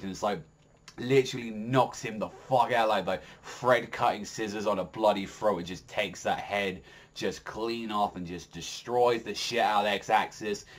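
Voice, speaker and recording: A man giving a casual spoken manga chapter review. He rambles with lots of fillers, swears freely and gets excitable. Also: moderate pace. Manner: excitable, jumps in pitch when enthused.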